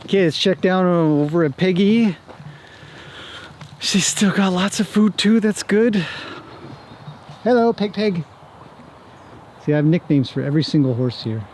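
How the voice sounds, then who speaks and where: A man's voice: sits high, lively intonation, normal speed, a little mellow, a little hiss or hum. Chatty man on a farm walk. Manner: chatty, talks fondly to the animals. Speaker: horse trainer vlogger. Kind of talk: casual walk-and-talk vlog. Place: outdoors on a rural farm.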